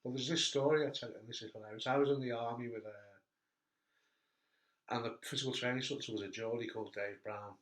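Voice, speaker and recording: Man, host, animated storyteller, echoey room. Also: medium pitch, quick pace. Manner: animated storyteller, laughing at his own anecdotes. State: hurt back. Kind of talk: casual chat.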